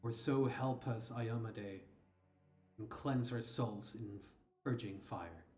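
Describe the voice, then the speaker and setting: A man's voice: lowish voice, slow pace, a little mellow, soft background music. A man voicing a stern male paladin who questions someone formally. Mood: solemn. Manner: solemn, formal. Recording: roomy lo-fi mic.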